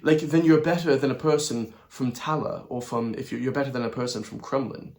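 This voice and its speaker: A man's voice: medium pitch, steady tone, fairly quick, vocal fry, a little mellow. An Irish man hosting a commentary channel, ranting to his viewers in a heated, blunt and profane way. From Ireland.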